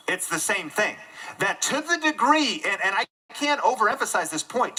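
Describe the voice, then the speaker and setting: Bright, upbeat man giving a keynote. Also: sits high, breathy edge, rough recording. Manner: energetic and self-deprecating, jokes with the audience. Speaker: conference speaker. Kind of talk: live keynote talk. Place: stage in a room with a live audience.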